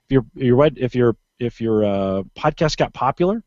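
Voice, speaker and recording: A man's voice: medium pitch, lively intonation, normal speed, darkish tone, no echo, muffled recording. A man co-hosting a podcast, talking casually in a rambling, emphatic way and often restarting sentences. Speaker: podcast co-host.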